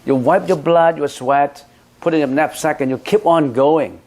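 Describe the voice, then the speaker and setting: A man's voice: fairly high pitch, moderate pace, a little mellow. Emphatic male monk giving a dharma talk. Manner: emphatic, asks the listener rhetorical questions; blunt, scolding teacher. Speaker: Buddhist monk teaching. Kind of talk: dharma talk answering a question.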